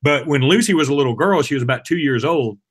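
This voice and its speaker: A man in his forties from Alabama, chatting on a talk show. His voice sits a little high for a man. He tells his stories with animation and jumps up into higher voices to quote other people. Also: animated, quick pace, husky. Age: 40s. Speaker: radio show co-host. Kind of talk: casual chat.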